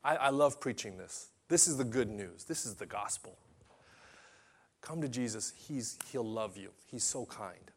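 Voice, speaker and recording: A man preaching a sermon in an impassioned way, swinging between hushed and loud passages and often repeating or restarting phrases. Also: mid-range voice, lively intonation, a little slow, husky.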